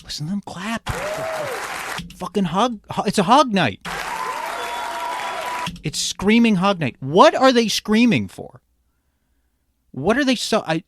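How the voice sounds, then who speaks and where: A man hosting a reaction commentary show, ranting sarcastically and swearing, jumping from loud outbursts to low mutters. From immigrant. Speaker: commentary podcast host.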